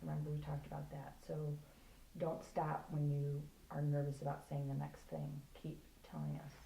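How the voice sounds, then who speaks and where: A woman's voice: low-pitched, monotone, normal speed, gravelly, dark tone. A woman interviewer giving long, encouraging, rambling prompts with many fillers. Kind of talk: coaching interview. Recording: echoey room with faint background noise.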